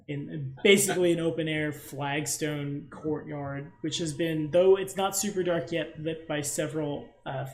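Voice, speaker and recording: A man narrating as game master of a tabletop game, casual and rambling, with a teasing edge. His voice sits a bit higher than most men's. It rings in an echoey room.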